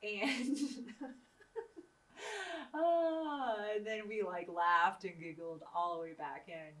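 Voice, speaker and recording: A woman's voice: fairly low pitch, unhurried, sharp tone, far from the mic. A woman hosting her own show, telling stories casually and laughing often as she talks. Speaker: host interviewing herself. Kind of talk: casual anecdotal storytelling. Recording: echoey room, voice a bit off-mic.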